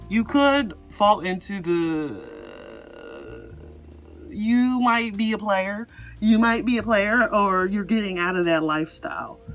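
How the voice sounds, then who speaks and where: A woman giving a casual pick-a-card tarot reading, rambling and chatty with frequent laughs. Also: on the low side. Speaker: tarot reader. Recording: slightly dull lo-fi audio with faint music.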